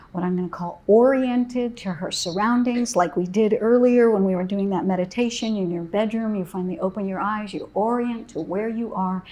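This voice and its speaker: Soothing woman speaker for a parent talk, calm and warm-paced storytelling. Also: medium pitch. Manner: gentle, soothing storyteller with soft pauses. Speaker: parent educator.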